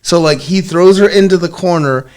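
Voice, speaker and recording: A man's voice: high voice, moderate pace, crowd noise. A man co-hosting a casual chat, telling a crude story with lots of laughter and swearing. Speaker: podcast co-host.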